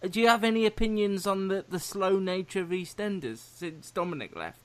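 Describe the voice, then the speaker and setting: A man's voice: high-pitched, fairly quick, a bit bright. A man hosting a casual chat, enthusiastic and jokey about television. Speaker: host.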